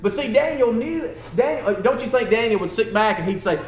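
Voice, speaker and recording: A man's voice: very high voice, lively intonation, a little fast, few pauses, fairly bright tone, roomy sound, slight background noise. A man preaching a sermon as a church elder, talking in a folksy, conversational way that builds to emphatic passages.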